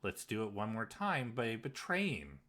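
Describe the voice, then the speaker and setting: A man's voice: on the low side, huge pitch swings, a little slow, noisy background. A man streaming a game live, reacting emotionally and laughing often as he comments on the story. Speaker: let's play streamer.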